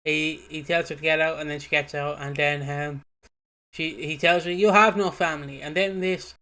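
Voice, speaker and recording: A man's voice: a little high, little pitch movement, normal speed, bright, forceful tone, clean tone. A man co-hosting a casual podcast, recapping the plot with hesitant fillers. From Britain. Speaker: podcast co-host. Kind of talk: casual chat.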